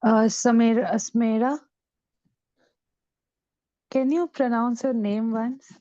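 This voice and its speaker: Soft-toned woman moderating an online class. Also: a little high, steady tone, slow, dry recording. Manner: reassuring, calls on students by name. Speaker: class coordinator. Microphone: video call. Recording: dull online call audio.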